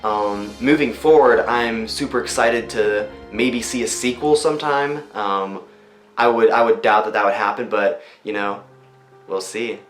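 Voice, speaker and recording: Man, voice actor, behind-the-scenes interview, chatty with ums, lowish voice, echoey room. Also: measured pace. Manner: chatty, full of ums and you-knows. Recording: roomy room echo. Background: faint music.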